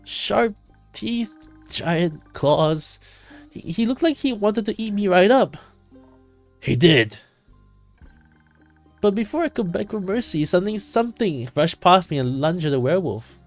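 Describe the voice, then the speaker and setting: A man's voice: high voice, expressive, measured pace, pauses often, soft background music, voice pushed up. A man voicing a young woman who tells a werewolf story in a tavern, reading game dialogue aloud with some flair. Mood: animated.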